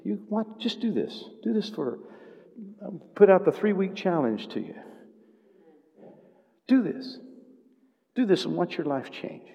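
A man's voice: sits high, very animated, a little slow, vocal fry, pauses often. A married man preaching a sermon to his congregation, conversational at times and building to passionate exhortation. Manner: impassioned, building to loud exhortation; conversational, with repeated calls to the congregation. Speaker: pastor. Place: church sanctuary. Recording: long hall reverb.

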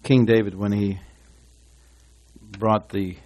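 A man's voice: lowish voice, flat delivery, takes it slowly, a little mellow. A man preaching a sermon in a church, rambling and folksy with asides and restarts, reading scripture aloud to his congregation. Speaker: pastor.

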